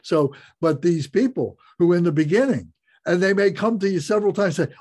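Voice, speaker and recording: A man giving a Buddhist class talk, explaining slowly and reflectively, repeating phrases and restarting. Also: high-pitched, lively intonation, darkish tone. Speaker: Buddhist teacher.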